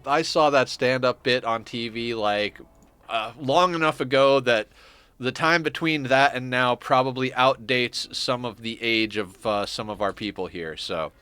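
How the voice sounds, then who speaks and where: A man's voice: medium pitch, pushed and bright, clean tone, dry recording. A man streaming a game, chatting casually in a rambling, profane way and laughing often. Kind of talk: casual gaming stream chat.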